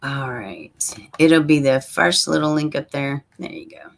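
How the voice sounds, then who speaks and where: Low, gravelly woman chatting on a livestream. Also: unhurried. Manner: chatty, talks straight to viewers as "y'all"; frequent soft asides while fiddling with links. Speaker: livestream host. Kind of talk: casual livestream chat, reading viewer comments.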